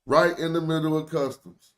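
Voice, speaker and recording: A man's voice: fairly high pitch, steady tone, moderate pace, fairly bright tone. A young American man with an African American accent, streaming casual, joking commentary in loose slang. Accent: African American English. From United States. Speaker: streamer host.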